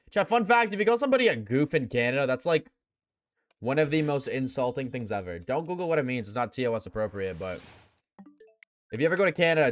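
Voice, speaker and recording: A man's voice: medium pitch, no echo. Slangy, joking young streamer guy. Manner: slangy, joking, talks in quick bursts. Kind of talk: casual chat to a live stream audience.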